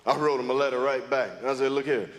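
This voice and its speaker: A man doing a stand-up set in a comedy club, delivering jokes in a halting, drawn-out way with lots of pauses and fillers. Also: mid-range voice, steady tone. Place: comedy club stage before a live audience. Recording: live club recording with hall echo and audience laughter.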